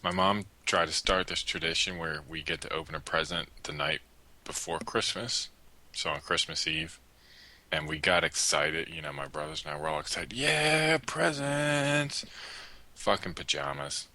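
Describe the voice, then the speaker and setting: A man co-hosting a casual podcast, teasing in a deadpan way and swearing freely. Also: extremely low pitch, moderate pace. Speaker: podcast co-host. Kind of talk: casual banter.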